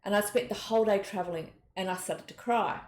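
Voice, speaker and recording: A middle-aged woman, a psychic giving an earnest, gentle spiritual talk and telling personal stories. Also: medium pitch, brisk. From Australia. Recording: echoey room, faint noise.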